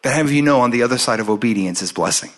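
A man preaching a sermon and telling a personal story, acting out the voices in it with lively storytelling. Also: medium pitch, very fast. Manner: animated storytelling, acts out his own and God's lines.

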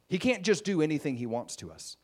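A man's voice: a little high, sing-song, a little fast, darkish tone. A man preaching a sermon in a conversational storytelling way, acting out the scenes he tells.

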